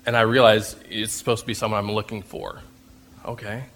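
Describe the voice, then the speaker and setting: A man's voice: lowish voice, level tone, fairly quick, a bit bright. A man telling a personal faith story, acting out scenes and laughing at himself as he goes. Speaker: speaker sharing a faith testimony.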